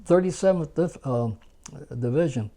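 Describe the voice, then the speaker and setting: An older American man, a war veteran, telling rambling, animated stories in a casual interview and laughing at his own tales. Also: fairly high pitch, moderate pace. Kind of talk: casual spoken storytelling.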